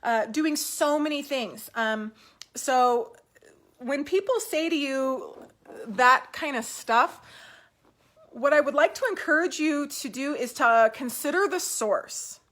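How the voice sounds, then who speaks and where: A woman's voice: high-pitched, slow, fairly bright tone. A woman talking casually to camera at home about doll collecting, upbeat and encouraging, with fillers and restarts.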